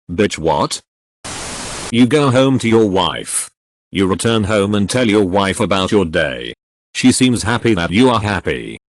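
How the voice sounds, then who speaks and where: A man with a low voice reads out absurd text-game stories in a deadpan comic style, his pitch swinging widely as he goes. He breaks off now and then with exasperated asides. The recording is dry and close. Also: measured pace, dry recording. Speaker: narrator reading funny AI game stories. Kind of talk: comedic story reading.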